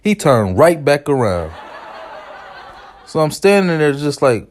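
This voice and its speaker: Animated man telling a comic street story. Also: normal speed, background noise. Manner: animated, jumps between a high anxious voice and low whispers. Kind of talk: comedic storytelling with acted voices.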